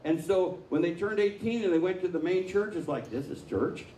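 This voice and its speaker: Man, pastor, sermon, conversational storyteller, slightly high voice, distant mic, faint background hum. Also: brisk, dark tone. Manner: conversational storytelling, acting out quotes. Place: church sanctuary. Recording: echoey room, mic from far off.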